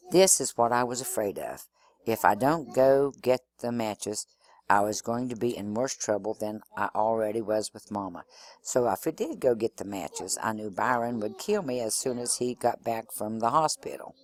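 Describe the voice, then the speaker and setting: A man reading a novel aloud in an expressive first-person storytelling manner. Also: lowish voice, moderate pace. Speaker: reader.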